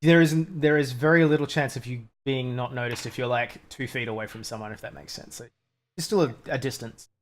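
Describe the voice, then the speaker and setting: A man's voice: medium pitch, fairly even intonation, fairly quick. A man running a tabletop game as dungeon master, explaining in a casual, rambling way. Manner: casual, rambling, with many fillers.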